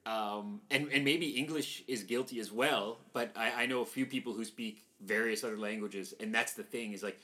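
A man's voice: on the low side, normal speed, few pauses, sharp tone. A man in his forties, from Canada, chatting casually as a podcast host, rambling with many restarts. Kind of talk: casual chat.

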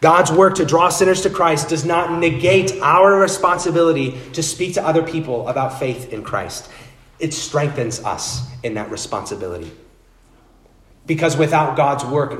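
A man's voice: medium pitch, normal speed, echoey room. A male pastor preaching a sermon, speaking earnestly and addressing listeners directly.

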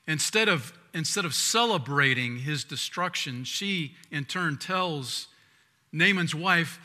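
Bright-voiced male pastor preaching in a hall. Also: a little high, lively intonation, unhurried. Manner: swings from loud emphatic lines to quiet asides; conversational, repeats and restarts words. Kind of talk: sermon. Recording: long hall reverb.

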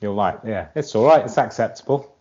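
A man's voice: fairly low pitch, lively intonation, fairly quick, crowd noise. A man co-hosting a podcast, with a dry, wry sense of humor. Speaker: podcast co-host. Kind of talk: casual chat. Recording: dull lo-fi sound.

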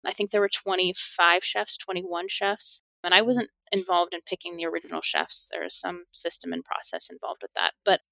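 A woman's voice: on the low side, animated, normal speed, vocal fry, few pauses, pushed and bright, no room sound. A middle-aged woman, a podcast guest, telling stories in a casual interview, laughing often and acting out the speech she quotes.

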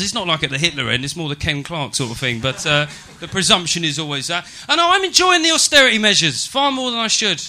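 A man's voice: sits high, bright, forceful tone. A man performing a stand-up set in a comedy venue, brash and swearing with mock-serious asides.

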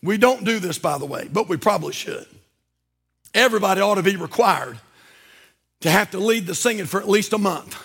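A man preaching in a church with a very high, bright, ringing voice. He builds to fervent shouts, then drops into low asides to the congregation. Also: lively intonation, fairly quick, gravelly, long pauses, slightly rough. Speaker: pastor. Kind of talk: sermon. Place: church sanctuary.

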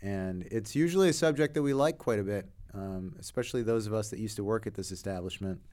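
A man's voice: on the low side, fast talker, warm tone. A man hosting a casual podcast chat, leading into topics and joking at his own expense. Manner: leads topics, self-deprecating. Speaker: podcast host.

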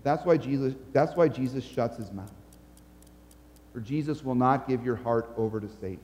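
A man's voice: medium pitch, normal speed, dark tone. Brief: an emphatic male preacher delivering a sermon in a reverberant church. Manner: earnest, emphatic, storytelling. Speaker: pastor.

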